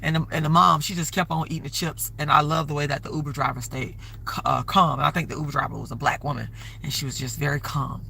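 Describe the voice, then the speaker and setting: A woman's voice: deep voice, steady tone, fast, vocal fry, bright, forceful tone, slight background noise. A woman hosting a live stream, talking casually and rambling, often stopping to ask for donations. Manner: rambling, conversational, keeps plugging donations. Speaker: livestream host.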